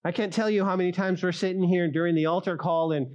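A middle-aged male pastor preaching a sermon, speaking straight to the congregation and rising loud for emphasis. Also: high voice, steady tone, quick pace, highs cut off. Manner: acts out quoted voices of listeners.

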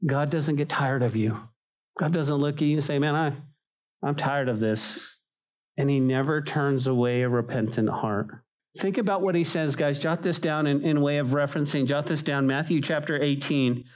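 A middle-aged male pastor preaching a sermon in an animated way, acting out quoted voices and repeating words as he starts sentences. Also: on the high side, moderate pace.

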